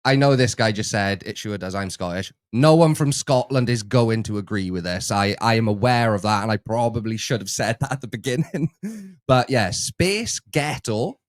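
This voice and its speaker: A young man hosting a reaction video in casual chat, animated and laughing, a little exasperated. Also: mid-range voice, normal speed, hardly any pauses, dry recording, studio quality.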